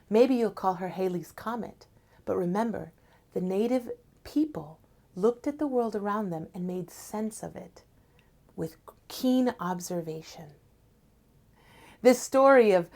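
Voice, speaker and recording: A woman telling a folktale aloud in an expressive, dramatic way, at times dropping to a hushed tone. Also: medium pitch. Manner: expressive, dramatic, drops to soft hushed tones. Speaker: storyteller. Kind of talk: oral folktale storytelling.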